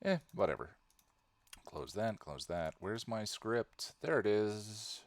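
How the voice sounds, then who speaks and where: A low-voiced man chats loosely on a live stream as he edits his review, with his pitch bouncing all over. He drifts into distracted, muttered asides to himself. The sound is dry and close, with no room around it. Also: big pitch swings, takes it slowly, no room sound. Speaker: channel host editing a video review. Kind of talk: casual live-stream chat while editing.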